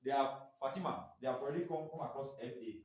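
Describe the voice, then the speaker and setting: A man in his forties with a mid-range, slightly mellow voice talks fast while running a staff training in an indoor room. It's a classroom-style lecture where he quizzes the group, spells out letters one by one, and often ends phrases with a prompting "what?". The recording is echoey, with the mic placed far off.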